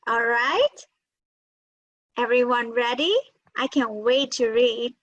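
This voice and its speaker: A woman's voice: on the high side, takes it slowly, fairly bright tone, dull audio. A woman leading children through tapping and breathing exercises on a video call, encouraging them and repeating affirmations for them to echo. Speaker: children's workshop leader. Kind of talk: guided tapping and breathing lesson for kids.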